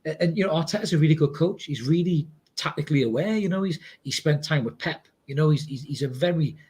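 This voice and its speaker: A man, co-hosting a podcast, chatting excitably, swearing freely and reading out viewer comments. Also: on the high side, fast, husky. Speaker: podcast co-host. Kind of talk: casual match reaction chat.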